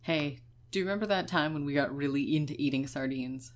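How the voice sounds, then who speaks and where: A woman's voice: sits low, brisk. A young adult woman co-hosting a podcast in casual chat, joking and laughing often. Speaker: podcast co-host.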